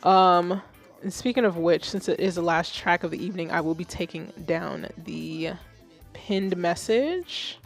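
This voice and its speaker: Blunt, animated woman host reviewing music. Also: lowish voice, unhurried, gravelly. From Haitian. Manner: blunt, animated, swears freely. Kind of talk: casual livestream commentary.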